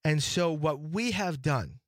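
A man in his forties speaking as a parent, halting with restarts at first and building to indignant outrage. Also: a little high, lively intonation, dry recording, studio quality. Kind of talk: impassioned personal testimony.

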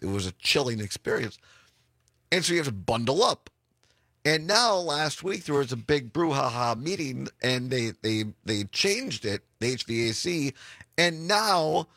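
A man hosting a casual afternoon radio talk show from a studio, speaking with a hoarse voice, chatty and quick to laugh. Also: medium pitch, fairly bright tone, dry recording. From Wisconsin. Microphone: studio microphone.

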